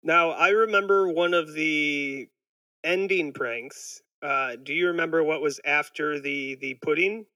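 A man hosting a casual podcast chat, an animated storyteller who talks with lots of fillers. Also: fairly high pitch, unhurried, dry recording, low-quality recording. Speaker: podcast host.

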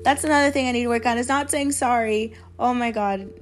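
A woman's voice: fairly high pitch, brisk. Young woman in her twenties, solo podcast host, rambling chatty delivery, faint music underneath. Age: 20s. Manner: rambling, chatty, full of "like" fillers, self-deprecating. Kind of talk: casual solo podcast chat. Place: at her family home, indoors.

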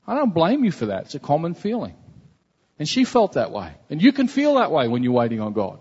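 A man's voice: high-pitched, big pitch swings, a little fast, darkish tone, breathy edge. A man preaching a sermon as a pastor, earnest and conversational, often repeating himself. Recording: dull, reverberant hall recording.

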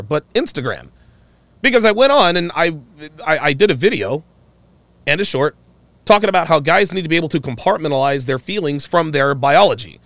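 A man hosts a talk podcast, talking with a mocking, opinionated edge. His pitch swings widely from low to high as he makes his points. The sound is dry and close. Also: a bit bright, dry recording. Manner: mocking, mimics others in exaggerated voices. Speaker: podcast host. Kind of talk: opinionated commentary on a live call-in stream.

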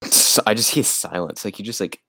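Tired rambling man, low voice. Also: fairly quick, vocal fry, bright, forceful tone, no room sound. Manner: rambling, filler-heavy, laughs often. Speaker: podcast co-host. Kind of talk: casual chat about a film.

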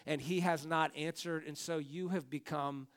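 A man's voice: on the high side, fairly even intonation, moderate pace. A man, the pastor, preaching a conversational sermon from a church stage and talking straight to his congregation.

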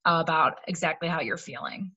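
A woman's voice: sits low, expressive, moderate pace, bright, forceful tone, slightly rough. A woman giving earnest conversational advice, with frequent "like" and "um" fillers.

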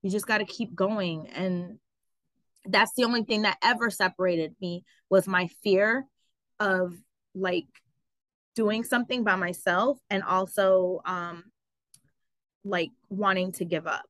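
A woman telling her story as an interview guest, animated and full of fillers like "like" and "um". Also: medium pitch, measured pace, no echo, rough recording. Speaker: guest, travel business owner. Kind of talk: casual interview.

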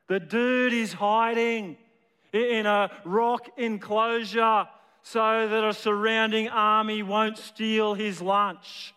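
A man's voice: high-pitched, fairly even intonation, slow pace, bright, forceful tone, clear, resonant tone, long reverb tail. A man preaching a sermon as a storyteller, often repeating his words as he builds a point. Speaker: pastor.

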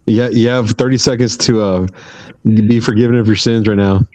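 A man's voice: on the low side, fairly even intonation, moderate pace, darkish tone, no echo, poor audio. A middle-aged man, a podcast co-host, trading teasing, profane banter with friends. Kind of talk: casual chat.

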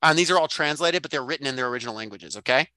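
Guy cohosting a book podcast, bright voice, rambles thoughtfully w lots of ums, dry close sound. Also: medium pitch, expressive, rapid-fire, no echo. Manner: thoughtful, rambling, many fillers and restarts. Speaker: podcast co-host. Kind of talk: casual book discussion.

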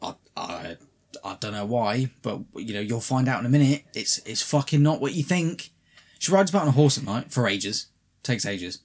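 A man's voice: mid-range voice, animated, normal speed. A man co-hosting a casual film review chat, sweary and sarcastic as he recaps scenes. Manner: sarcastic, recaps the plot with mocking quoted voices. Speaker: podcast co-host reviewing a film.

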